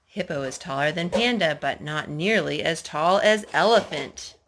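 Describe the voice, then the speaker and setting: A woman at home reading a picture book aloud to her child, in a gentle, animated storytelling manner. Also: deep voice, normal speed, a little hiss or hum. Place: at home indoors.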